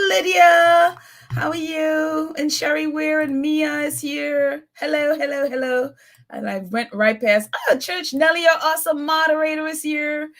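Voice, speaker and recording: A woman's voice: high voice, a bit bright. A woman hosting a live call-in chat, reading viewer comments and giving her opinions, laughing often. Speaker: host.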